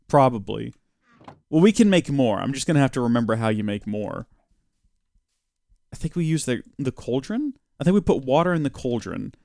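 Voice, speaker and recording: A man's voice: mid-range voice, creaky, a little mellow, no room sound. A young man casually commenting on his game live, chatty and self-mocking as he answers his chat. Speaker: game streamer. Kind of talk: casual live-stream commentary while playing.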